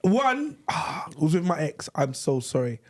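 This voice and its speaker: A man, a podcast co-host telling lively, laughing stories in casual slang. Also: a little high, unhurried. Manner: animated, laughing storyteller with slang. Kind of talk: casual storytelling with friends. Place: live podcast studio.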